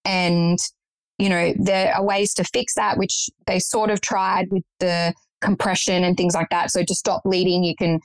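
A woman's voice: fairly low pitch, little pitch movement, normal speed, no room sound, rough recording. A young woman guest recounting a personal story in conversation, earnest and matter-of-fact.

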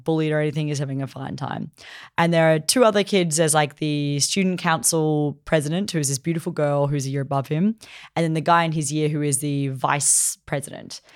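A woman with a notably low voice talks in relaxed podcast chat. She retells a plot with lots of fillers and plenty of energy, like she's telling friends about it. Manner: chatty and animated, acts out characters' lines. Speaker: podcast co-host. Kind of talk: casual chat recapping an anime.

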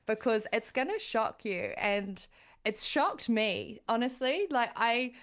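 A woman with a New Zealand accent talks in a chatty, giggly way, swearing without care. Her voice sits a little high, and she tells her news in relaxed podcast chat. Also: takes it slowly. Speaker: podcast co-host. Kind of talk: casual chat.

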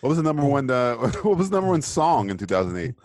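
Laughing, animated male podcast co-host. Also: mid-range voice, fast talker, crowd noise. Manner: joking, laughs often. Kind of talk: casual movie-riffing chat.

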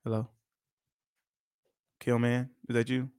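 A man hosting a casual chat show, joking and teasing his guests with loud bursts. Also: mid-range voice, completely flat delivery, takes it slowly, clear, resonant tone, no echo, clean studio sound. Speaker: podcast host.

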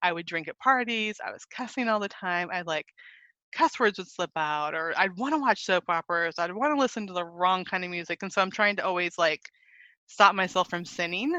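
A woman guest speaking earnestly and warmly about her faith in a casual podcast chat, often saying "like". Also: lowish voice, brisk, no room sound. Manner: earnest, heartfelt, says "like" often. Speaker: guest author.

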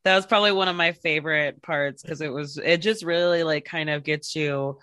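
A woman's voice: deep voice, fairly even intonation, normal speed, a bit bright, no echo, clean studio sound. A woman hosting a podcast interview, talking in a rambling, casual way with many fillers and restarts. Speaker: podcast host.

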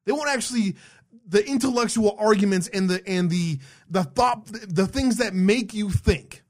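A man hosting an online show, ranting with heavy swearing, blunt and rambling, often restarting his sentences. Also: sits high. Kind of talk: heated ranting commentary.

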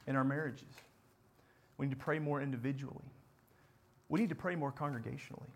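A man preaching a sermon, building to impassioned repeated questions and sinking to quiet, earnest prayer. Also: a little high. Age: adult parent.

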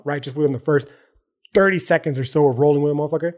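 A man's voice: on the high side, fairly even intonation, fast, darkish tone. A man hosting a solo podcast, talking in a casual, profane, slangy and emphatic way, often tagging his sentences with "right?" and "okay?". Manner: frequent "right?" and "okay?" tags. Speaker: podcast host.

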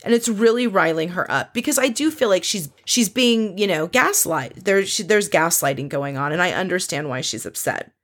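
Woman, lower pitch, casual reality-show recap, chatty, animated, swears, acts out quotes. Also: normal speed, few pauses.

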